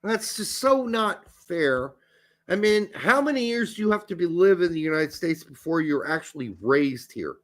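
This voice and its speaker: A man co-hosting a casual soccer chat, talking in an animated, profane, rambling way. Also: high voice, normal speed. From born in the US, raised in Germany. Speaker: podcast co-host.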